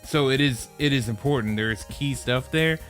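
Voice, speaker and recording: Rambling, halting male podcast co-host. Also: medium pitch, fairly bright tone, faint music behind. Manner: rambling, halting with many restarts. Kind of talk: casual anime review chat.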